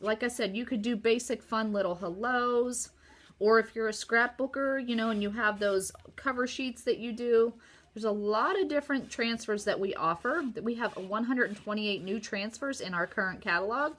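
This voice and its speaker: A woman demonstrating card making in a casual craft tutorial, chatty and upbeat, talking straight to her viewers while her sore throat makes her voice a little rough. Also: a little high, moderate pace, a bit bright. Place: home craft table.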